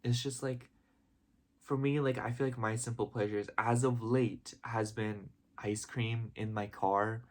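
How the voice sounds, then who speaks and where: A man's voice: mid-range voice, steady tone, unhurried. A young man talking in a casual, heartfelt vlog, rambling with constant "like" and "you know" and openly emotional and gushing. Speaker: vlogger.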